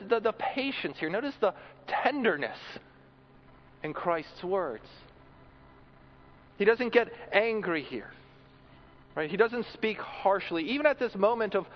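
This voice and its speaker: A man's voice: high voice, highs cut off. A man preaching a sermon in an earnest way, often repeating words as he builds a point.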